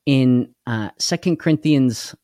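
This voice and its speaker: A man's voice: medium pitch, measured pace, mellow, no room sound, studio quality. A man hosting a casual live devotional stream, tired and unwell, folksy and chatty, greeting viewers by name and laughing easily. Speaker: devotional livestream host.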